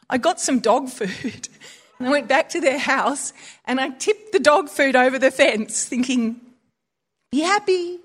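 A woman preaching in a chatty, conversational way, mixing scripture with personal stories. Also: a little high. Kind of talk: conversational sermon.

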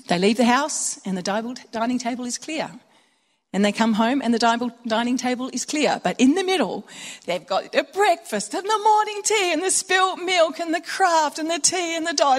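A woman giving an informal sermon to mothers, chatty and animated, telling stories with acted-out dialogue. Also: fairly high pitch. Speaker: speaker at a Christian women's or mothers' gathering. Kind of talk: informal sermon with personal anecdotes.

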